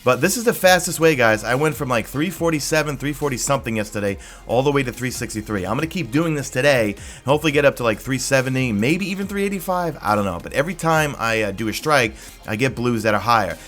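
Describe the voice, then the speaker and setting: Excited, rambling male gaming YouTuber. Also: medium pitch. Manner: rambling and excited, with quick asides. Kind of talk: casual gameplay guide commentary.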